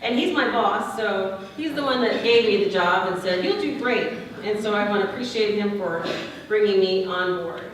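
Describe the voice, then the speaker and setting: A woman organizing a banquet reads out sponsor thanks briskly and introduces her boss. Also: medium pitch, slight background noise. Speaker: event organizer. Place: large banquet hall. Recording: echoey hall from far off.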